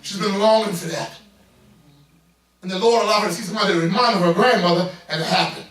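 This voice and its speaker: A middle-aged man preaches a sermon in a high, bright voice that builds into loud bursts as he calls out to his congregation. He is caught from across the sanctuary, with a heavy ring of the church room around every word. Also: fast. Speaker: pastor. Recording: echoey church from far off.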